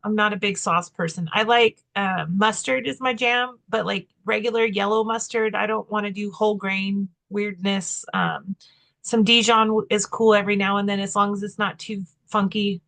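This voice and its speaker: A woman's voice: medium pitch, fairly even intonation, moderate pace, vocal fry, a bit bright. A middle-aged woman co-hosting a podcast, chatting casually and rambling, tired and with a slight lisp. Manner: chatty, rambling, self-deprecating. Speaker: podcast co-host. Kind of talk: casual chat.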